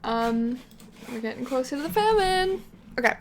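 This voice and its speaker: A young woman talks through her game story in a casual, chatty way, full of fillers and sudden gasps of excitement. Her voice sits fairly high. A faint hiss of background noise runs under the recording. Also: moderate pace. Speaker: Sims gameplay vlogger. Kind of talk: casual gameplay narration.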